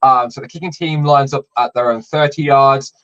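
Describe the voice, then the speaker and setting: A man's voice: medium pitch, steady tone, moderate pace, a bit bright. Filler-heavy male podcast host, dull audio. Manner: explains rules with many fillers. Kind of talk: casual sports podcast chat.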